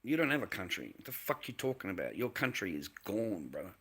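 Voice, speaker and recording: A man's voice: lowish voice, sing-song, brisk, fairly bright tone, breathy edge. Swearing Australian man ranting. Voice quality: crude, swearing, repeats himself. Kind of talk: profane rambling rant.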